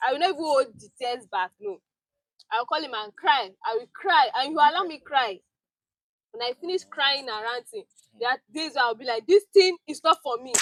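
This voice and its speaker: Animated high-voiced Nigerian woman. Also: fairly quick, no echo, poor audio. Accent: Nigerian English. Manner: animated storyteller, acts out quotes, laughs often. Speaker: teaching fellow sharing experience. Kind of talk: casual group chat.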